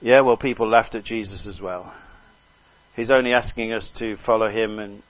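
An older man preaching a sermon with fervour, repeating phrases and crying out hallelujah between soft asides. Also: fairly low pitch, fairly even intonation, normal speed, no echo. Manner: fervent, swings between loud exclamations and soft asides. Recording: dull lo-fi recording.

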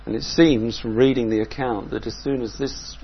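A man preaching a sermon in a measured, reflective way, often asking his listeners questions. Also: medium pitch, steady tone, dull audio, a little hiss or hum.

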